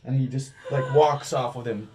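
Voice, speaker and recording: A man narrating as game master, loose and full of fillers, breaking into loud character voices. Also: mid-range voice, fairly even intonation, moderate pace, far from the mic, a crowd in the background.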